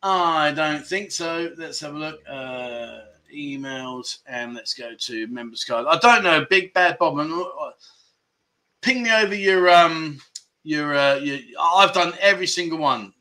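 A man's voice: a little high, a little slow, sharp tone. A man, hosting a casual livestream chat show and rambling as he reads out viewer comments. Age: 50s. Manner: chatty and rambling, with lots of fillers and self-corrections. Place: livestream set in Pattaya.

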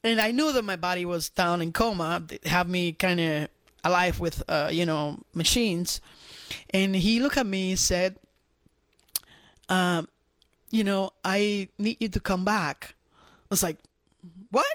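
A man's voice: high voice, measured pace, long pauses, no echo. Man giving a fervent testimony. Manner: animated, repetitive storytelling. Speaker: guest sharing a testimony. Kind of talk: emotional personal testimony.

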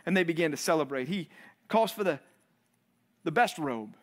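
A high-pitched man delivers a fervent sermon as a pastor. He swells with intensity, then drops low and quiet for emphasis, repeating phrases as he presses his point. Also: animated, fast. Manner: earnest preaching, voice swelling and dropping low for emphasis; repeats and restarts words while building intensity.

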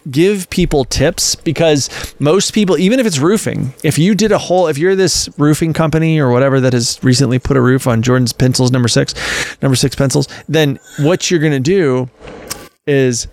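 Guy with a gravelly voice cohosting a podcast, animated, lots of examples. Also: on the high side, normal speed. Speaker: podcast co-host. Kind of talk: casual podcast chat.

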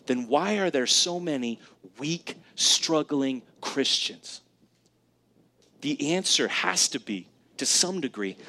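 A man's voice: medium pitch, bright, forceful tone. Conversational man preaching a sermon. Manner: conversational, emphatic, asks the congregation questions. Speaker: pastor. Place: church sanctuary.

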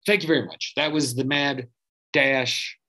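On his podcast, a man tears into political targets with swearing, sarcasm and ridicule. He speaks unhurriedly at a medium pitch with fairly flat intonation and a sharp tone, over poor audio carrying slight hiss or hum.

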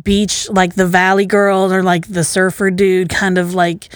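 A young adult American woman co-hosting a podcast, telling stories in a lively, casual way. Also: medium pitch, no echo, clean studio sound. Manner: animated storytelling, quick, laughs a lot. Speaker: podcast co-host. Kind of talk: casual chat.

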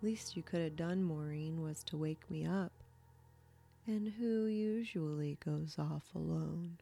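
A woman reading the lines of a resentful young farm boy in a soft, sulky voice. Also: sits low, slow pace, creaky, soft background music, exaggerated voice.

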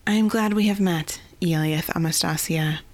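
A woman voicing a tall, stately fae druid woman with a rich timbre, speaking slowly and formally. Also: fairly low pitch. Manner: slow, formal and measured.

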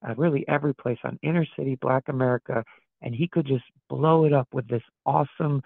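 A man's voice: mid-range voice, steady tone, fast talker, gravelly, no echo. A man from Wisconsin, a guest pastor in a podcast interview, talking earnestly and reflectively, often restarting his sentences as he thinks aloud. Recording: tinny phone-like dry sound.

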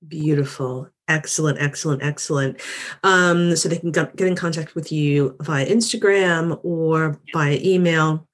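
A woman's voice: low-pitched, unhurried. A woman hosting a podcast interview, affirming her guest and repeating her thanks. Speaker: podcast host.

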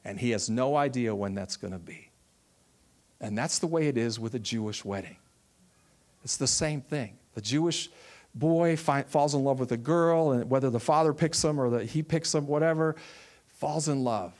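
A man's voice: mid-range voice, normal speed. A man who runs a ministry, telling a personal testimony in a sermon and acting out the voices of the people he quotes. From Texas. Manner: storytelling, animated, acts out quoted voices.

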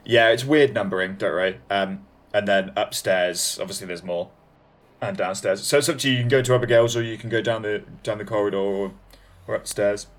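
A man's voice: lowish voice, a little fast. A man narrating a tabletop game as game master, rambling with many fillers.

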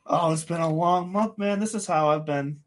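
A man's voice: on the high side, normal speed. Guy in his 30s hosting a chatty podcast, rambles, restarts a lot, chuckles. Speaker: podcast host. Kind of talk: casual chat.

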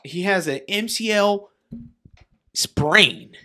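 Young male podcast co-host, bright and fairly high voice, salty, laughs often, fast banter. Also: lively intonation. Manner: profane, laughing, mimics fans in bursts. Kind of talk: casual sports chat.

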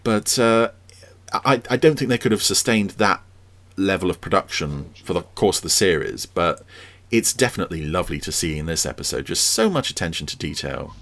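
A man's voice: low-pitched, expressive, a little fast, fairly bright tone. A man hosting a podcast, giving chatty, enthusiastic commentary over an old TV episode. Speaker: podcast host.

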